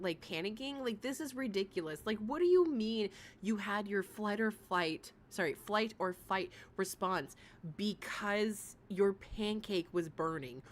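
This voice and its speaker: A woman of thirty hosting a casual livestream, reacting bluntly and sassily and swearing freely as she talks to her chat. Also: mid-range voice. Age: 30s. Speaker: livestream host reacting to another streamer.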